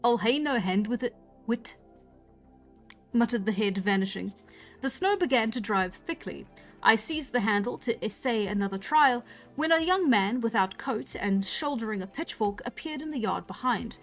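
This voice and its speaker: A young woman hosting a casual read-aloud, moving steadily through the narration of a classic novel. Her voice sits fairly high for a woman, with faint music in the background. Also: expressive, moderate pace. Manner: reads plainly, breaks off to comment and laugh at herself. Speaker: book reader on a livestream.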